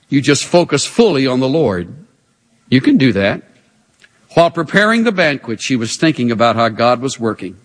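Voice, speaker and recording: A man preaching a sermon with animated, expressive delivery and rhetorical questions. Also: sits high. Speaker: pastor. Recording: hall reverb.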